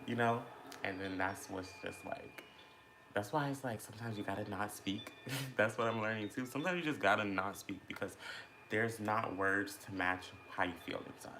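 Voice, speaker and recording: A man's voice: fairly low pitch, normal speed, bright, forceful tone, a little hiss or hum. A man chatting casually and reflectively while eating, rambling with many fillers as he thinks aloud about feelings. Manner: rambling, filler-heavy, introspective. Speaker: mukbang vlogger.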